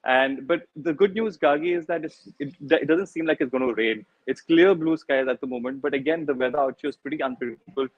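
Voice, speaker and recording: A man's voice: medium pitch, a little fast, few pauses, no room sound, lo-fi sound. A man reporting live from outdoors over a video call, rambling and repeating himself. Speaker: field reporter. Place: outdoors near a cricket ground.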